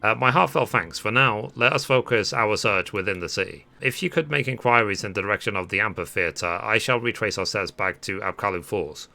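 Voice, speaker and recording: Man doing an earnest, fussy scholar, formal and flustered, low bright voice. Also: fairly quick, vocal fry, few pauses, exaggerated voice. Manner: formal, old-fashioned wording read aloud.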